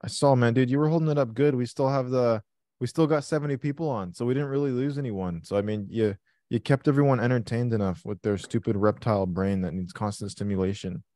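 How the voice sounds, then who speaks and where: A man hosting a live trading stream, chatting casually, excitable and swearing constantly. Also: medium pitch, fast talker, no room sound. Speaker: livestream trading host.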